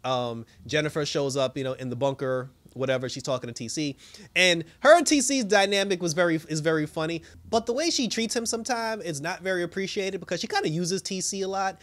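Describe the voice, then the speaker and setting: A man's voice: on the high side, fairly quick. A man giving a casual, rambling recap of a TV episode, laughing often and acting out what the characters said. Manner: animated, laughs often, acts out characters' lines; rambling with many restarts and fillers. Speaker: TV show reviewer.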